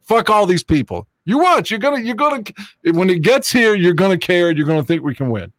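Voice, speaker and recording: A man in casual sports chat, excitable and profane, rambling with restarts as he argues his points. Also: sits high, brisk, no room sound. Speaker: co-host of a sports fan show.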